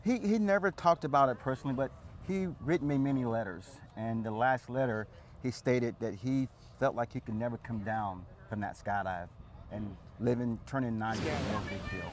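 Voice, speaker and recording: A man's voice: mid-range voice, moderate pace, a little hiss or hum. A man who is a retired army parachutist, speaking earnestly as a guest on a TV interview. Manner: warm, earnest, repeats "absolutely".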